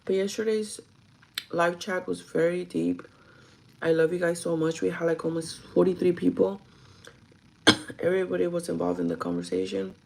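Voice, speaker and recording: Chatting with her live chat while sick, a young vlogger mixes Spanish and English in a hoarse voice that's lower than normal for her as she loses it. She's expressive, speaks at normal speed with frequent pauses, and the recording is rough.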